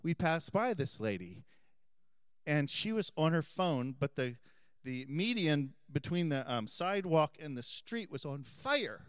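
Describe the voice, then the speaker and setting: A middle-aged man, a Catholic priest, preaching a homily and telling a story earnestly, dropping his voice soft for emphasis. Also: a little high, very animated, a little slow, clear, resonant tone, dry recording, studio quality.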